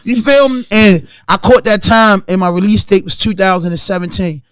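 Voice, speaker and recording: A man's voice: high-pitched, steady tone, moderate pace, fairly bright tone, smooth, no echo, studio quality. A man in his thirties with a Baltimore accent, telling stories in a casual podcast chat and acting out the voices of the people in them. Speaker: podcast guest.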